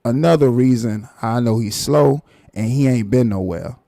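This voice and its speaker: A man rants on his live stream, mocking and animated. His voice is dark and gravelly. The sound is dry and close. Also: mid-range voice, moderate pace, no echo. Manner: animated, mocking, repeats himself. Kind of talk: casual commentary rant.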